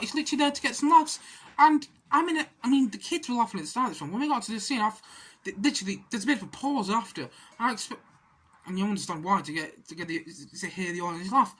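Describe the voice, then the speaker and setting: A woman talks through a film review in a loose, rambling way. She restarts her sentences often and keeps tipping into exasperated rants. Her voice sits in an ordinary middle pitch. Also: expressive, brisk, a bit bright. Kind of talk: casual spoken film review.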